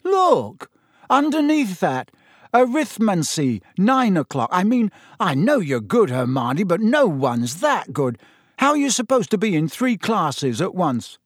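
Man doing an excitable teen schoolboy, high and lively, incredulous, teasing, dry audiobook sound. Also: moderate pace, dry recording. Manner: incredulous, rising exclamations.

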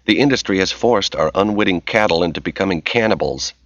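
A man voicing a calm, dryly wry man exploring a dark, foul place while talking over an earpiece. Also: sits low, fairly quick, no echo. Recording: slightly dull dry recording.

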